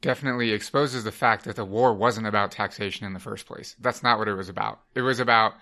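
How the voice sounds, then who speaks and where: Bright, lowish-voiced co-host. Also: male voice, steady tone, quick pace. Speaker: podcast co-host. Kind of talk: casual podcast chat.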